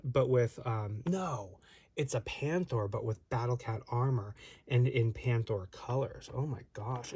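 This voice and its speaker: A man's voice: mid-range voice, darkish tone, slight background noise. A man chatting casually while unboxing and reviewing an action figure, rambling and often interrupting himself. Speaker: toy reviewer.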